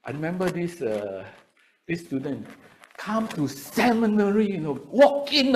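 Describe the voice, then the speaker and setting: A middle-aged man with a Singaporean English accent, preaching to seminary students in a lively, chatty way and often repeating his words. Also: sits high, unhurried. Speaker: pastor.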